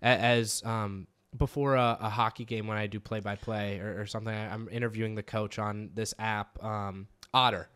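Hombre de voz clara y titubeante. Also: male voice, lowish voice, level tone, normal speed, few pauses, fairly bright tone, clean tone. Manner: hesitant, filler-heavy, friendly. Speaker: podcast host, sports play-by-play announcer. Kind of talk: casual interview.

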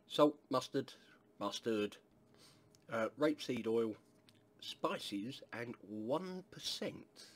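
A man from England casually reviewing a hot sauce, rambling with lots of fillers and asides. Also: mid-range voice.

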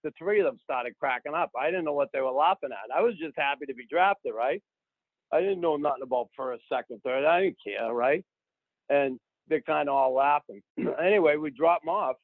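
A man, telling a story as a podcast guest in an animated way, acting out the people he quotes. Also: on the high side, moderate pace, dry recording. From Boston. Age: 60s. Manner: animated, acts out quoted people, keeps adding "right?". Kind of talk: casual storytelling. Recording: dry, phone-like narrow sound.

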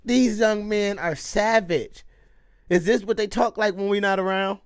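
A man's voice: high-pitched, a little slow, smooth. A man hosting a reaction video, casually commenting with slang, exclamations and frequent laughter.

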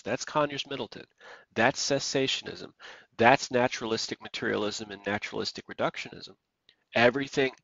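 Emphatic low-voiced male preacher, dry and dull. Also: a bit bright, no room sound. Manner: emphatic, repeats himself, reads scripture aloud. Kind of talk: preaching sermon monologue.

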